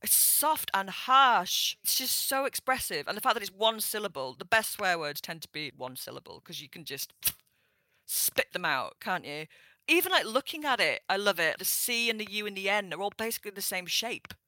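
A woman with a northern English accent, chatting as an interview guest in a lively, playful way. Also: medium pitch, normal speed, no echo. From northern England. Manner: chatty and animated, playful with swear words. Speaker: guest sex historian. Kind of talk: casual interview chat. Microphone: remote call.

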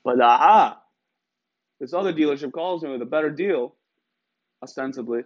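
A man's voice: on the high side, moderate pace. Wry man telling a story, a bit lo-fi. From Iran. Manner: wry, emphatic, uses rhetorical tags. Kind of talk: casual storytelling. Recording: slightly dull, lo-fi sound.

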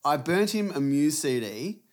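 A young man in relaxed conversation with a mate. He tells stories with a lot of energy, swears freely and acts out other people's lines. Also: fairly high pitch, measured pace. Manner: animated storytelling, swearing, acting out his dad. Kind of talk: casual chat.

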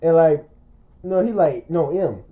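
A man's voice: on the high side, animated, unhurried, phone-quality sound. A man telling a story in casual chat, animatedly acting out both sides of the conversation.

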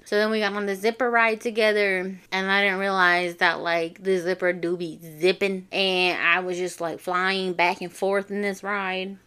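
A woman from the Navajo Nation, hosting a vlog and telling funny personal stories in a lively, slangy way. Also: medium pitch, moderate pace, smooth. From Navajo Nation, US Southwest. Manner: animated, slangy, acts out quotes. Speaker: vlogger host. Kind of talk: casual comedic storytelling.

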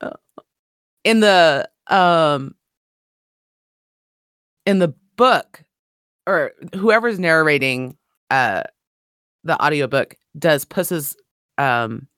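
A woman's voice: sits low, extremely slow, long pauses, fairly bright tone, smooth, no room sound, studio quality. A woman co-hosting a book podcast, talking casually and enthusiastically about a story, laughing often. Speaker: podcast co-host.

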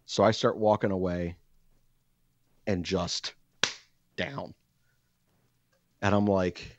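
Deep-voiced man telling a profane story. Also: slow, long pauses, lo-fi sound, very noisy. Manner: profane, animated storytelling with acted-out quotes. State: out of breath. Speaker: podcast co-host. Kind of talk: casual podcast storytelling.

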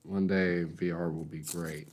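A man's voice: low-pitched, flat delivery, unhurried. A young man in casual banter, laid-back and joking. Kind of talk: casual chat.

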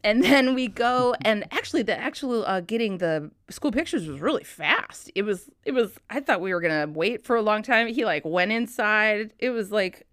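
A woman's voice: mid-range voice, expressive, normal speed, hardly any pauses, a bit bright, no echo, clean studio sound. A woman in her thirties hosting a podcast, rambling in casual chat, swearing freely and laughing often. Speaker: podcast host.

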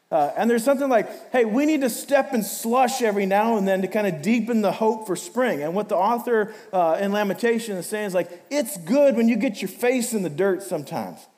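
A man preaches in a conversational manner and keeps asking the congregation direct questions. His voice sits a little high for a man. A long reverb from the church hall trails after each phrase. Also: a little mellow. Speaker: pastor. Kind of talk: sermon.

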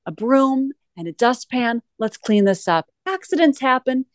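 A woman voicing a calm mother who gently reassures a child. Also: high voice, measured pace, dry recording, studio quality, pitched above the performer's own voice. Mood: soothing. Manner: gentle, soothing.

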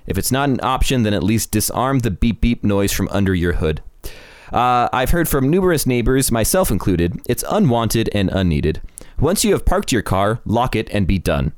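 A man's voice: fairly low pitch, big pitch swings, normal speed, dry recording, studio quality. A man hosting a casual chat, reading neighborhood posts aloud and laughing often. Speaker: podcast host.

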